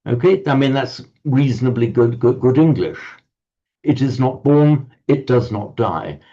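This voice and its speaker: A man teaching a Sanskrit class online, explaining slowly and often repeating words as he searches for them. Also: medium pitch, mellow, slightly rough, lo-fi sound.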